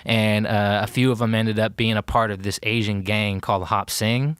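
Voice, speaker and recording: American guy for a podcast-guest storyteller, low smooth voice, acts out the quotes, dry studio sound. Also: normal speed, no room sound. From United States. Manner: animated retelling, acting out quotes, many fillers. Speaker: podcast guest, war veteran. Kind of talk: casual storytelling.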